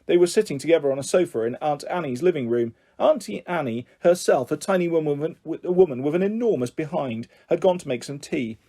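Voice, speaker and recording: Brief: male children's audiobook narrator, animated delivery, mellow tone. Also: a little high, fairly quick, hardly any pauses. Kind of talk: storybook narration.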